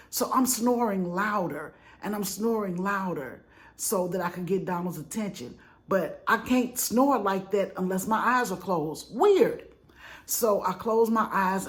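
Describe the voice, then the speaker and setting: A middle-aged woman vlogger telling a personal story in an animated, chatty, dramatic way. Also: medium pitch. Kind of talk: casual storytelling.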